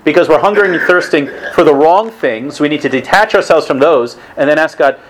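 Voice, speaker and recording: A man's voice: on the high side, a little fast, rough recording. A man giving a conversational religious talk to a weekly evening group, casual in tone, with restarts and asides.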